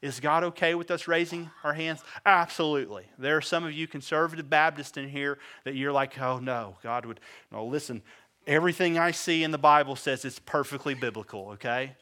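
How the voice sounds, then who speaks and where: High, bright, emphatic male preacher. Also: brisk. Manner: dynamic preaching, swinging from loud emphatic bursts to low quiet asides; acts out biblical characters in conversational voices. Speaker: pastor. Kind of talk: sermon.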